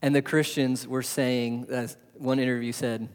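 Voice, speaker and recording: A man preaching a sermon as pastor, asking rhetorical questions and swinging between loud and soft. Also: medium pitch, little pitch movement, a little slow, clean tone. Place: church hall. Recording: long hall reverb.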